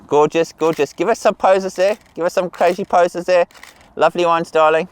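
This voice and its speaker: A man's voice: high-pitched, steady tone, normal speed, clear, resonant tone. A middle-aged man working as a portrait photographer outdoors in a field, directing a model and praising every pose with the same encouraging words again and again. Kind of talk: directing a model during a shoot.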